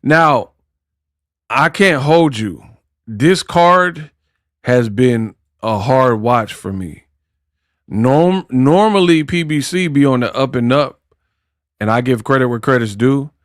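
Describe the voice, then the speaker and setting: Slow, joking boxing commentator man. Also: medium pitch, expressive, no echo, studio quality. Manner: trash-talking, joking, breaks into song and mock accents.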